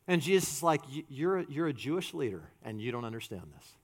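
A man preaching a sermon as a pastor, animated, swinging from loud to hushed and acting out quotes. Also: mid-range voice, fast talker, husky.

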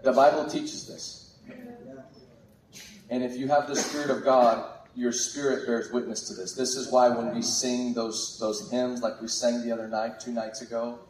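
A man preaching a sermon with exuberant, animated delivery. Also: medium pitch, moderate pace, a little hiss or hum. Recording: echoey room from far off.

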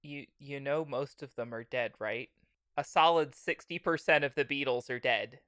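A woman's voice: a bass voice, a bit bright, no room sound. Giggly rambling woman co-host. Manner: giggly, rambling, quick tangents and interruptions. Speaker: podcast co-host. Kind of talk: casual comedic chat.

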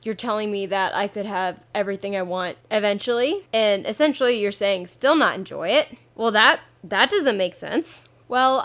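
In a medium-pitched, slightly bright voice, a twenty-something podcast host talks alone in a casual monologue. She's candid and playful, often saying bleeps out loud in place of curse words.

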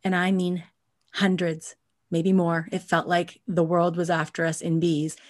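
A woman's voice: fairly low pitch, little pitch movement, unhurried. Earnest woman explaining body responses. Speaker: podcast co-host. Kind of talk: casual chat.

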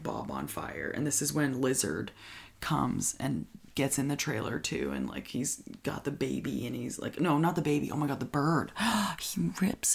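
A woman's voice: low-pitched, creaky. A young woman casually recapping a horror film, gushing with constant "like" and "oh my God" and often dropping into a whisper. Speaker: movie recap vlogger.

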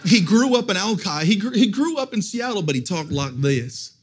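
A middle-aged male pastor preaches to a church service, spinning a personal story with self-deprecating jokes and excited restarts. His voice sits high for a man and has a husky, slightly raspy edge. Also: moderate pace. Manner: animated, self-mocking, restarts when excited. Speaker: guest pastor. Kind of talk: humorous sermon storytelling.

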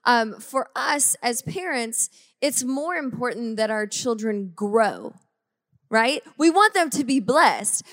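Woman, 30s, faith show co-host, measured and relaxed, slightly high voice, dry sound. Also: dry recording. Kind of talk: conversational reflection.

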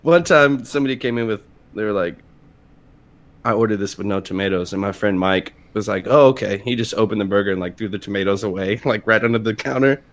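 A man's voice: on the low side, fast talker. Profane laughing man telling stories. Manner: laughing, profane, acts out quoted voices. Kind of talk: casual crude storytelling chat.

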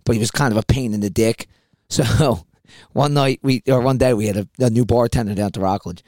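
A man's voice: mid-range voice, fairly quick, darkish tone, dry recording. Dry-voiced man laughing through stories. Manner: laughs through his own stories, rambling restarts. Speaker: podcast co-host. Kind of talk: casual storytelling chat.

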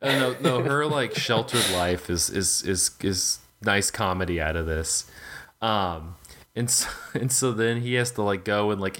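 A man with a somewhat low voice talks through a film in loose podcast chat. He rambles, piles up fillers and restarts, and swears casually. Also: fairly bright tone. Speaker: podcast co-host.

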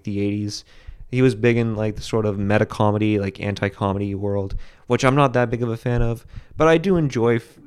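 Man, young adult, lowish voice, solo podcast host, opinionated, rambling. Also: smooth. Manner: rambling, opinionated, frequent restarts and fillers. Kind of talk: casual solo podcast commentary.

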